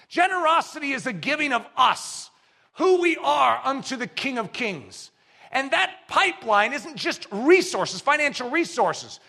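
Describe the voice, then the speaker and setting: Animated high-voiced male preacher. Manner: animated, swings from hushed asides to shouted exclamations. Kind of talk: sermon.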